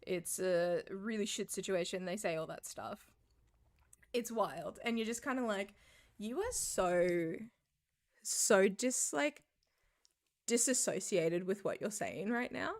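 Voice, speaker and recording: A woman's voice: mid-range voice, animated, slow, pauses often. A young woman, telling a story in a casual livestream, swearing freely and laughing often.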